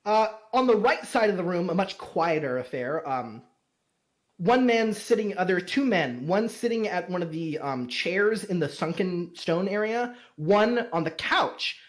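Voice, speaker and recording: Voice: medium pitch, expressive, unhurried. A game master narrating a tabletop game, rambling with many fillers and restarts.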